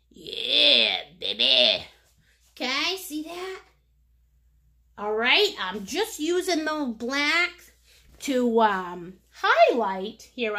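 Brief: woman, high bright voice, playful art teacher, chatty and encouraging. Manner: silly, joking, encouraging; chatty, endearing pet names. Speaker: painting instructor. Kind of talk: live painting lesson.

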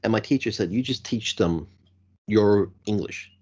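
A man's voice: fairly low pitch, a little slow, husky. A man from Australia with a light Australian accent, hosting a podcast interview, chatting casually and laughing often. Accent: light Australian, partly American-sounding. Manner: laughs often, relaxed storytelling. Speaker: podcast host.

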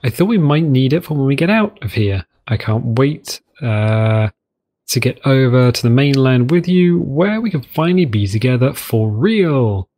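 A man's voice: medium pitch, sing-song, moderate pace, darkish tone. A man reading a game note aloud in a raised voice as a young woman writing to her secret sweetheart. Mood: lovestruck.

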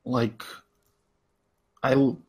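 Slow, husky male player. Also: medium pitch, flat delivery, mellow. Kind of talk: tabletop role-play.

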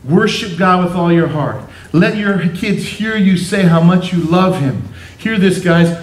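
Man, pastor, preaching a sermon, animated, higher voice, echoey church hall. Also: unhurried. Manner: animated preaching, acts out quotes in different voices. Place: church sanctuary.

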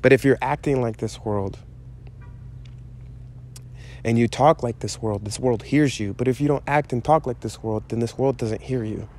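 A man preaching in a loose, conversational way, driving home his points by repeating them. His voice is mellow and dark, sitting at a middle pitch. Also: moderate pace, pauses often, slight background noise. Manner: conversational, emphatic and repetitive. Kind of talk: informal sermon.

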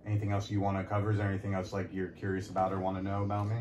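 A man with a fairly low voice chats frankly as a podcast guest. He rambles and corrects himself often, leaning on fillers. The sound is roomy and echoey, with a faint hiss under it. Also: monotone, rapid-fire, muffled recording. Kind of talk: casual frank conversation. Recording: echoey room, light background noise.

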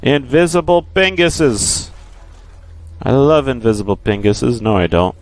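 A man narrating his gameplay with goofy, profane jokes, often repeating himself. He talks slowly at an average pitch. A faint hiss sits behind the voice. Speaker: let's play host. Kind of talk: joking game commentary.

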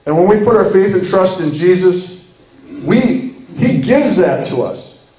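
A man's voice: sits high, darkish tone. Earnest male speaker in an echoey room. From Minnesota, USA. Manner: earnest storytelling with acted quotes. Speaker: ministry speaker. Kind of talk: sermon-like talk.

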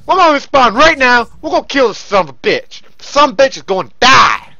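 A man commentating his own gameplay, loud and profane, often yelling into a close desk mic. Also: high-pitched, wildly swooping pitch, normal speed, hardly any pauses, no echo, highs cut off.

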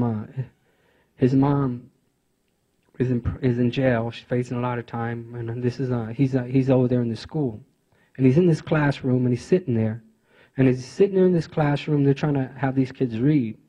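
A man tells his own story to a conference audience, earnest and halting, circling back with fillers and restarts. His voice is husky and mellow at an average pitch. The recording is muffled and lo-fi. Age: adult father of teenage sons. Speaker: conference speaker. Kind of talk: personal storytelling speech.

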